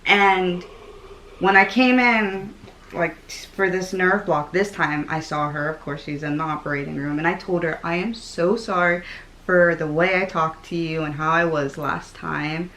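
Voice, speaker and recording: Bright-voiced woman chatting casually. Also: lowish voice, measured pace. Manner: laughing, chatty interjections. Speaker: co-host, the patient in the story. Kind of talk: casual chat. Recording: echoey room with faint background noise.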